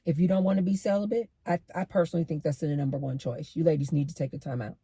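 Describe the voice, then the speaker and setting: A middle-aged woman spins a story in animated, emphatic commentary, leaning on her points and repeating them. Her voice is warm and slightly husky, recorded close and dry. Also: sits low, fast talker, no room sound. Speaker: host.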